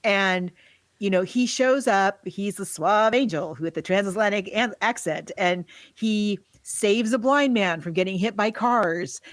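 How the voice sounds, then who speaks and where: Lively woman podcast co-host. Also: medium pitch, no room sound. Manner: animated storyteller who acts out scenes with quick laughs. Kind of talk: casual movie discussion.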